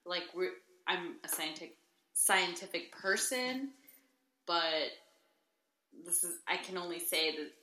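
A woman co-hosting a podcast in casual chat, earnest and quick to laugh. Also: fairly low pitch, lively intonation, bright, forceful tone, roomy sound. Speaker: podcast co-host.

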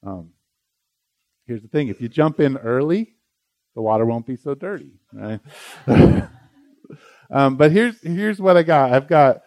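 A man's voice: mid-range voice, expressive, a little slow, long pauses, darkish tone, dry recording. Earnest man preaching, dry close sound. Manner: earnest, conversational preaching with many restarts. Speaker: pastor. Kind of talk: sermon. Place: church sanctuary during a service.

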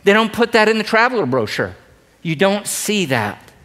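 A middle-aged male pastor preaching a sermon in an animated, joking way, swinging from loud emphasis to hushed asides. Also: high-pitched, normal speed.

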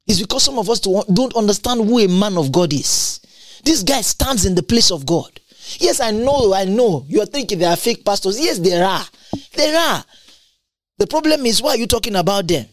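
A preacher in full sermon mode, hammering each point by repeating it, jumping from low to high. The pitch sits in a middle range. The sound is dry and close, with no room echo. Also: lively intonation, moderate pace. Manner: emphatic and repetitive, with large swings in pitch.

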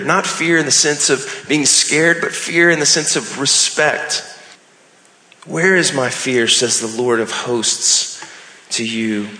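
A man's voice: medium pitch, slow pace, pushed and bright. A man preaching a sermon as a pastor, earnest, with emphatic rising phrases. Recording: echoey hall with long reverb.

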